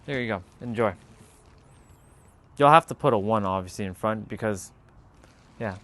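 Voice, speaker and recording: A man's voice: fairly low pitch, normal speed, fairly bright tone. A man chatting casually on his live stream, laid-back and rambling as he talks straight to his viewers.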